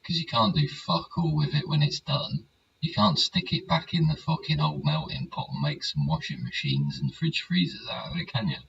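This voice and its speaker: Gravelly, very deep older English man. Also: lively intonation, moderate pace. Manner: swearing, rambling, asks for agreement. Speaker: host. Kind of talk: rambling casual monologue. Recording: distant mic, dull sound, faint hiss.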